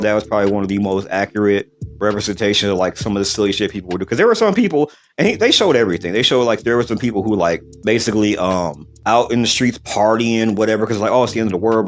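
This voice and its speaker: Fast-talking, low-voiced cursing man. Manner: emphatic and profane, with frequent "you know what I'm saying". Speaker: podcast host. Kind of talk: casual podcast chat.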